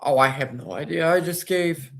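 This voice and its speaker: A man hosting a casual livestream. He talks hesitantly and stops often for fillers and short pauses. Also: on the high side, gravelly. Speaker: livestream host.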